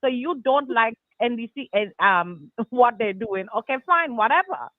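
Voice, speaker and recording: A woman's voice: fairly high pitch, lively intonation, moderate pace, dry recording. A woman calling into a talk show, indignant and stammering. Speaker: caller. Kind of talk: angry phone-in call. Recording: dry tinny phone line.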